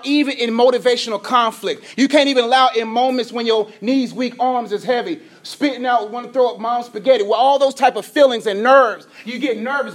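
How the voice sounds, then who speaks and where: With an extremely high-pitched voice, a man delivers an energetic sermon as a pastor. His volume swings from loud down to hushed, and he occasionally stutters and stumbles over words.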